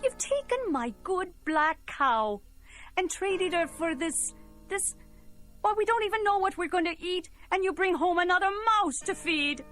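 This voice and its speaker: A woman's voice: extremely high pitch, expressive, measured pace, fairly bright tone, soft background music, voice pushed up, full character voice. A woman voicing a poor, exasperated mother who scolds her son fretfully.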